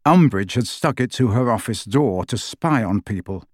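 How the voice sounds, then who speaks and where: A man's voice: medium pitch, animated, normal speed, dry recording, studio quality, natural voice. A man voicing a determined teenage wizard boy who speaks bluntly and steadily, in a storybook reading.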